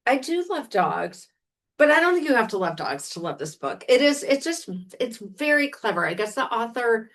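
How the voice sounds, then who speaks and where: On a podcast, a co-host from Washington, D.C. talks casually about books she recommends, wandering off track and correcting herself often. She speaks at normal speed in a sing-song voice that sits on the high side and sounds fairly bright.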